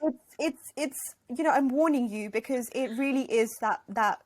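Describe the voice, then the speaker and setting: A woman author talking as a podcast guest, telling stories in a lively, animated way and acting out what her friends said. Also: high-pitched, moderate pace. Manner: animated storyteller who acts out what friends said. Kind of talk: casual conversational interview.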